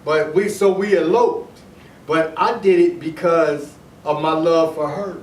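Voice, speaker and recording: A man's voice: fairly high pitch, steady tone, measured pace. Rambling man, echoey room from far off. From Detroit. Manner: rambling, repeats himself, restarts sentences. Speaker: storyteller recounting his past. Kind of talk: casual personal storytelling. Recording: echoey room, voice heard from off the mic, faint noise.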